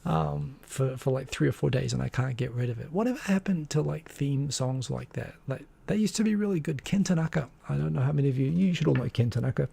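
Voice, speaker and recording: Man, gravelly, husky, mellow tone, rambling live-stream chat host. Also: fairly high pitch, a little fast, few pauses. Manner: rambling, restarts often, chuckles. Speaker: host of a weekly live show.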